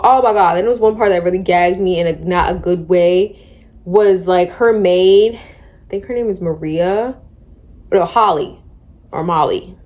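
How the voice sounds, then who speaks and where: A young woman in her twenties, a book vlogger, talking through a novel in a chatty, slangy, animated way. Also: on the low side. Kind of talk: casual book discussion.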